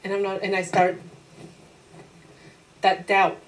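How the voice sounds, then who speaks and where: Taking it slowly in a medium-pitched voice, a woman teacher delivers a lively lecture, voicing her own thoughts in quotes, posing rhetorical questions to the class and laughing readily. The audio is poor.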